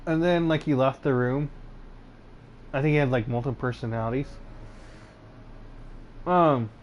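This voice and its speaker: A man's voice: mid-range voice, moderate pace, slight background noise. A young man telling his own stories casually, rambling and hesitant, with lots of fillers and restarts. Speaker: channel host recounting personal stories. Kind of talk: casual storytelling.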